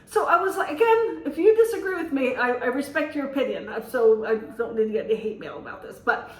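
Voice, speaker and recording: A woman vlogger telling a story to camera in a casual, animated way, laughing here and there. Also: a little high, quick pace, echoey room, recorded from a distance, low-quality recording. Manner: chatty, animated, with laughs, on the defensive.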